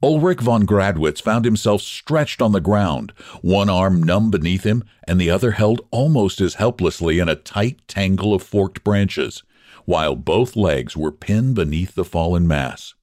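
A man narrating a story in an expressive, measured reading. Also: deep voice, no echo, clean studio sound.

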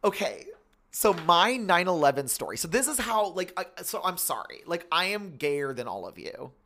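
Animated chatty man with a lively voice. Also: sits high, normal speed, slight background noise. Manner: animated, full of "like", acts out quoted voices. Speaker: podcast co-host. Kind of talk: casual chat, storytelling.

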